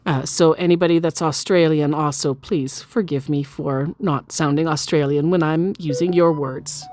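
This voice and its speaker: A woman's voice: low-pitched, steady tone, normal speed, darkish tone. A woman casually telling a story about chatting with a scammer, chatty and self-deprecating, with frequent fillers. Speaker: storyteller recounting a chat with a scammer. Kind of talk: casual storytelling, reading out text messages.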